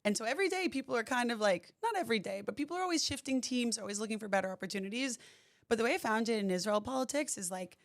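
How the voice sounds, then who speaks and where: An American woman chatting fast and at length as a podcast guest, laughing often. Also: fairly high pitch, expressive. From United States. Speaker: guest, independent journalist and commentator. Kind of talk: casual podcast chat.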